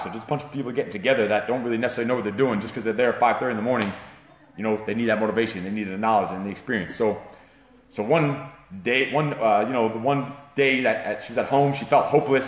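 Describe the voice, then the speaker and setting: A man hosts a live fitness talk, rushing his words and swearing freely as he rambles about a client's progress. His voice rings around an echoing room. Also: mid-range voice, fairly bright tone. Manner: profane, hyped and rambling. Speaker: fitness trainer and show host. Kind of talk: casual livestream talk.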